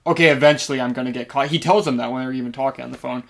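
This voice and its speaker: Gravelly man co-hosting a film podcast. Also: medium pitch, very fast. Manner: relaxed, laughs often, opinionated. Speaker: podcast co-host. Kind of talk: casual film review chat.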